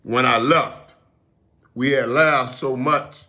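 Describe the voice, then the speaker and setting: A middle-aged man telling a personal story casually, emphatic and animated, repeating phrases for weight. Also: mid-range voice, slow pace. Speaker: vlogger.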